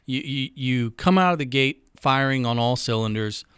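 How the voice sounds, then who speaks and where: A man's voice: medium pitch, normal speed, a bit bright, clean tone, no room sound, clean studio sound. A man hosting a podcast, asking long, winding questions with some restarts. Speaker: podcast host. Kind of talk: interviewing on a podcast.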